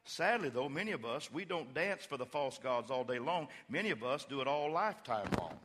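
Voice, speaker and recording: A male pastor preaching a sermon in a church, swinging from quiet, joking storytelling to loud, fervent exhortation. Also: medium pitch, lively intonation, fairly quick, big-room sound. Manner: playful humor while retelling scripture. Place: church sanctuary.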